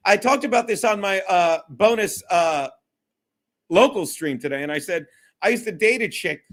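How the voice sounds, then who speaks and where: Male streamer, high-pitched, loose and profane, rambles and laughs through his chat. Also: bright, forceful tone. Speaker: livestream host. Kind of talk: casual solo livestream chat.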